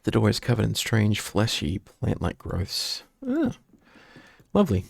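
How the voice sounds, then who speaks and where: A man giving casual gameplay commentary on a live stream, with a playful, joking manner. His voice sits low and gravelly, and his pitch moves around a lot. He is recorded on a dry, close desk mic. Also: huge pitch swings, a little slow, no room sound.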